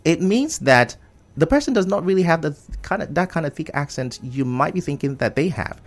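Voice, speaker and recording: A man's voice: a little high, animated, a little fast. A man, a studio guest on a radio talk show, confidently explaining and arguing his view. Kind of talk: live radio discussion.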